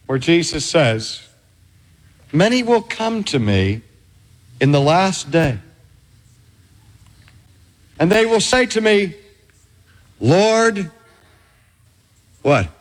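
A man preaching a sermon, slow and dramatic, with heavy emphasis and long pauses. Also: a little high, very animated. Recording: long hall reverb.

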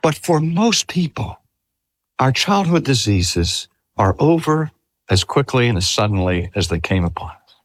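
An older man preaches a sermon during a talk at a cancer hospital, speaking earnestly, dragging out key phrases for emphasis and posing rhetorical questions to listeners. His mid-range voice is a little slow with big pitch swings and no echo.

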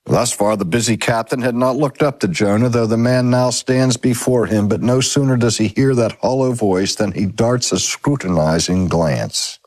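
A man reads an old sermon aloud, taking a measured and dramatic pace. His voice sits at an ordinary middle pitch. The recording is dry and close. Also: a little mellow, no room sound. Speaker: reader. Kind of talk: scripted narration of a sermon from a novel.

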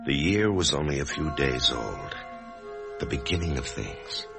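A frightened office worker brooding on death in a vintage radio drama. His very low, gravelly voice swings widely and stumbles over words. Music plays clearly under him. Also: full character voice. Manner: hesitant, stammering. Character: anxious male office worker facing death. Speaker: narrator and lead character. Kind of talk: 1950s radio drama acting.

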